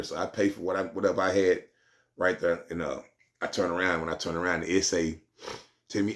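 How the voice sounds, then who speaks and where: A man's voice: low voice, little pitch movement, a little fast. A man telling a street story in casual slang, rambling and repeating himself.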